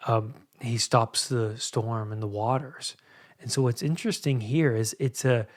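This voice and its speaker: A man hosting a solo podcast, speaking in a reflective, halting way that often repeats words as he searches for them. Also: medium pitch. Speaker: podcast host and anxiety coach.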